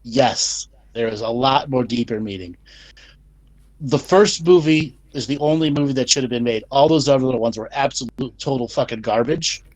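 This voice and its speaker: A man's voice: medium pitch, normal speed, darkish tone, poor audio. Blunt, swearing male host. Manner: blunt, casual, swears freely. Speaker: show host, spiritual teacher. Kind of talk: casual live-stream chat.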